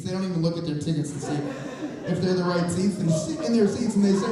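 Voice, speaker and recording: Male live storyteller, higher register, warm tone, animated and chatty, distant mic in a very echoey hall. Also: a little fast. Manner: animated, conversational, builds suspense. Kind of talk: live personal storytelling on stage. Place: stage in a performance venue.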